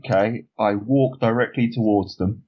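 A man's voice: fairly low pitch, moderate pace, dull audio. A man playing a tabletop role-playing game, hamming up his character with theatrical quips. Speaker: player.

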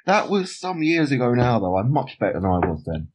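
A man's voice: mid-range voice, sing-song, a little fast, darkish tone. A man playing a tabletop role-playing game, hamming up his character with theatrical quips. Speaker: player.

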